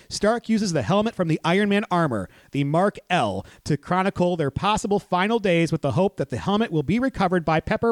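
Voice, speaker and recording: A man's voice: high voice, no echo. A man hosting a podcast who recaps a movie plot and chats animatedly, laughing easily. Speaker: podcast host. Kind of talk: movie recap and casual chat.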